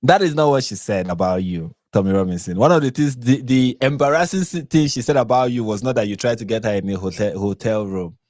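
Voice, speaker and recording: A man with a Nigerian accent hosting a live reaction stream, chatty and quick to laugh, often restarting and correcting himself. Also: medium pitch, darkish tone, no room sound, studio quality. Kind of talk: casual live-stream commentary.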